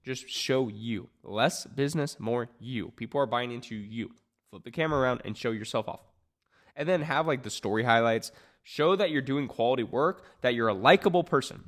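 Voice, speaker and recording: Brief: male marketing coach, mid-pitch, casual and emphatic, lots of fillers. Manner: energetic, emphatic, many "like" fillers. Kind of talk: casual talking-head advice.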